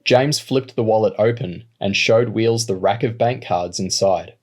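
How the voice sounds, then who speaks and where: A man narrating an audiobook in a steady, measured reading voice. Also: on the low side. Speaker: audiobook reader. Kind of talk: storybook narration.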